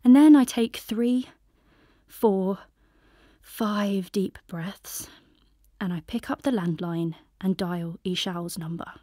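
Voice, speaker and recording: A woman narrating a first-person audiobook in a soft, intimate voice that often drops to a whisper. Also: mid-range voice, steady tone, measured pace, dry recording, clean studio sound.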